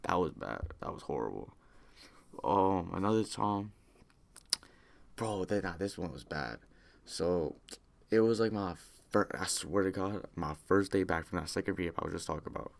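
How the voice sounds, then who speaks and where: Deep gravelly young man rambling. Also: lively intonation, moderate pace. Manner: rambling, slangy, lots of fillers and restarts. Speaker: vlogger telling personal stories. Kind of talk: casual storytelling.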